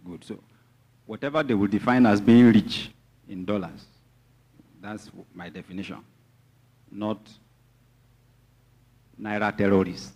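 A man's voice: fairly low pitch, darkish tone. A man with a Nigerian accent, preaching a sermon as pastor, mixing teasing asides to the congregation with emphatic teaching.

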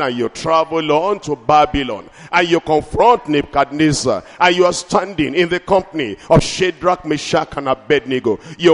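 A man preaching a sermon, building rhythmic refrains and slowing down to stress key lines. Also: fairly high pitch, lively intonation. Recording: long hall reverb.

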